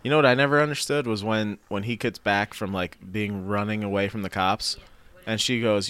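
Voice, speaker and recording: A man's voice: on the low side, steady tone, moderate pace, a bit bright, smooth. A young man chatting casually, teasing his friend and swearing freely while they watch a movie. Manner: profane, teasing, joking. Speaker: co-host watching a film. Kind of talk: casual chat.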